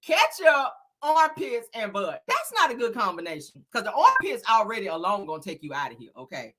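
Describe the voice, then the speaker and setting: A woman's voice: on the high side, fairly quick. Sassy, laughing woman gossip host. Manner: sassy, laughing, profane, talks to viewers as y'all; animated, dramatic emphasis. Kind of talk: casual gossip commentary.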